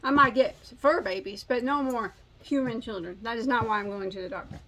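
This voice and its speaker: A woman's voice: a little high, a little fast, bright, forceful tone, slight background noise. Chatty self-mocking woman in her forties. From United States. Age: 40s. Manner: rambling, self-mocking, jokey. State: slightly out of breath. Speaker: crochet channel host. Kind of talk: casual chat.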